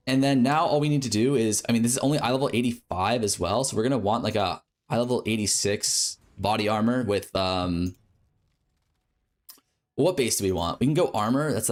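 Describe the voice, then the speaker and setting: A man streaming a game, casually thinking aloud through a crafting plan and correcting himself as he goes. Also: on the low side. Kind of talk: explaining a game crafting strategy.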